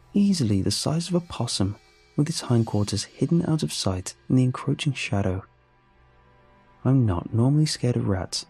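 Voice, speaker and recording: A man narrating a first-person horror story in a measured, storytelling manner. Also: on the low side, warm tone, slightly rough.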